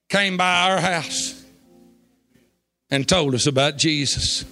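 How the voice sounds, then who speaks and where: A man preaching, telling a folksy story that builds to shouts of praise. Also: a little high, slow, gravelly, pauses often, faint music behind. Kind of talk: sermon storytelling. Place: church.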